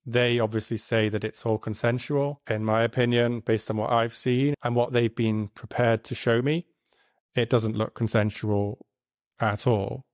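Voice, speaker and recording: A man at an ordinary middle pitch talks through video clips with earnest indignation, loosely and with lots of fillers. His voice is recorded dry, close and clean, with almost no room sound. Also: fairly even intonation, unhurried, no echo. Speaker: commentary host.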